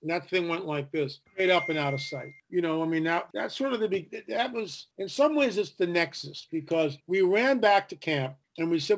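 An older man, an author and podcast guest, telling stories in a lively, animated way and acting out the voices of people he quotes. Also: high voice, moderate pace, hardly any pauses. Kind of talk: casual storytelling interview.

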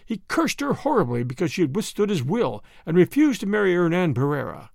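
A man narrating a story in an expressive audiobook style. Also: high-pitched, fairly quick, creaky, no room sound, studio quality.

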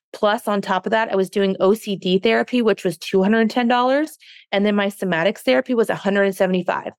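A woman's voice: mid-range voice, clear, resonant tone, no room sound. A woman guest on a podcast interview, a fitness coach who talks earnestly and passionately and becomes openly emotional about her work.

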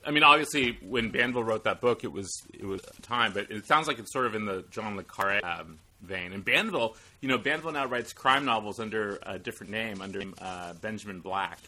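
A man's voice: lowish voice, brisk, few pauses, sharp tone. A man in casual podcast chat, telling a wry, profane anecdote in a laid-back way.

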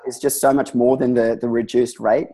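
A man's voice: mid-range voice, flat delivery, moderate pace, warm tone. A man with an Australian accent, a designer and letterer, chatting easygoingly as an interview guest. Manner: laid-back, easygoing, hesitant with ums. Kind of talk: casual interview chat.

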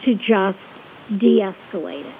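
A woman guest explaining a conflict technique step by step, in a calm, measured way that often checks in with "okay?". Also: mid-range voice, gravelly. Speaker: guest expert on conflict resolution. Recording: tinny phone line with faint hiss.

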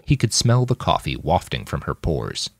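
Deep voiced guy reading an audiobook, swoops all over, super dry close mic. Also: huge pitch swings, moderate pace, vocal fry, no echo. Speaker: narrator. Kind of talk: audiobook narration.

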